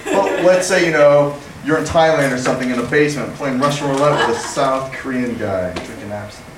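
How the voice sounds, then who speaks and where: A man's voice: mid-range voice, noisy background. Rambling young man doing stand-up, echoey room. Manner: rambling, acts out characters in quick asides. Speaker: stand-up comedian. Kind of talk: open-mic stand-up set. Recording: echoey room recorded from far off.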